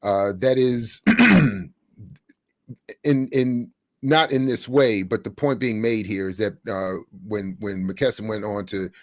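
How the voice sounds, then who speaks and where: A man's voice: lowish voice, slow pace, dry recording. A middle-aged man hosting a podcast, telling a story in a casual way and acting out what people said. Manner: animated, acts out quotes while telling stories. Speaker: podcast host.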